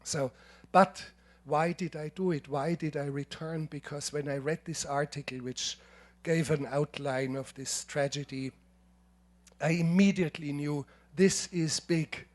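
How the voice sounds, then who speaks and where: A man in his seventies with a German accent giving a lecture, telling anecdotes in a measured, emphatic way with frequent restarts. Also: on the high side, steady tone. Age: 70s. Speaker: filmmaker giving a masterclass. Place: lecture hall.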